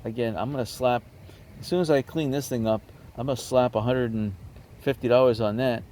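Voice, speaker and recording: A man casually showing his garage sale finds on camera, chatty and hesitant, breaking into excitement over bargains. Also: medium pitch, a little fast, slight background noise. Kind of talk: casual show-and-tell vlog.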